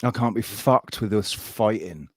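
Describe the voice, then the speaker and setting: A man hosting a live stream, ranting in a heated, halting way and swearing often. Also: lowish voice, dry recording, studio quality. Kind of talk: casual live-stream chat.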